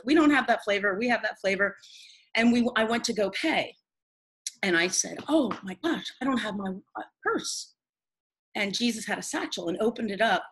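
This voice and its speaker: A woman's voice: mid-range voice, fairly bright tone, breathy edge, rough recording. A woman who is a guest in a conversation, telling a personal story in an earnest, rambling way with many restarts.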